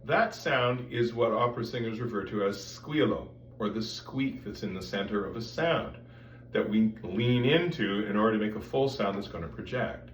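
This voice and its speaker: A man leads a voice lesson, explaining each step and stopping to demonstrate sounds. His pitch moves freely, sitting in the middle of the range. The recording is roomy and picked up from a distance, with faint noise behind him. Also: lively intonation, normal speed. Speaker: voice teacher. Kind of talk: vocal technique lesson with demonstrations.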